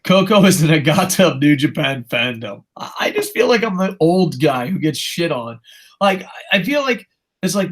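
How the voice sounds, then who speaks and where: A young man co-hosting a casual wrestling podcast, ranting in a profane, animated way. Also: fairly high pitch, moderate pace. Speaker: co-host.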